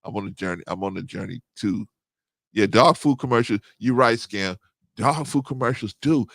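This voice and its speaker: Gravelly low-voiced middle-aged man. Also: brisk, no echo, studio quality. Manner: animated, rising to excited high pitch when agreeing. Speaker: host. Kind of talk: casual livestream talk reading chat.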